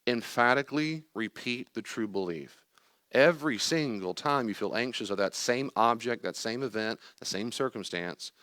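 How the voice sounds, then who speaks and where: An older man teaches a group about anxiety with plenty of emphasis. His voice sits a little low, and the sound is dry and close. He acts out worried questions and steady answers as he talks. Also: dry recording. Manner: emphatic, acts out anxious and calm inner voices. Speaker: teacher leading a class on anxiety. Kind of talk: lively teaching talk to a group.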